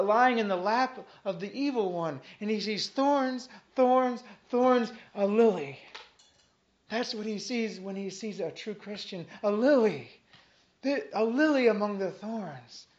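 A man preaching an expository sermon, reading scripture aloud and stressing key phrases earnestly with repetition. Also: sits high. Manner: reads scripture aloud between comments. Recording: dull lo-fi sermon recording.

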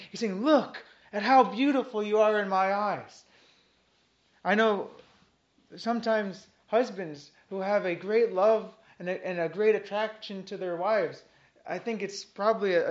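Guy preaching a sermon, reads the verses out then hammers the point home, kinda muffled old recording. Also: sits high. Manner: earnest, emphatic, repeats key phrases; reads scripture aloud between comments. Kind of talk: expository sermon.

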